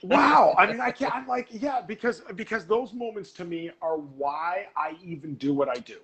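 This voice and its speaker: A man's voice: high voice, normal speed, crowd noise, poor audio. A man hosting a casual interview, chatty and eager with his questions. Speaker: host.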